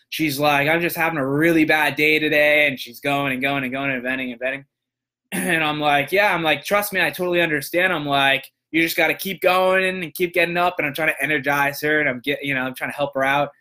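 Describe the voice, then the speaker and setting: A young man hosting a show, casually telling a long story and acting out the people in it with lively voices. His voice is bright and a little high for a man. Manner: animated, acts out voices in quotes. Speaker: podcast host, motivational speaker.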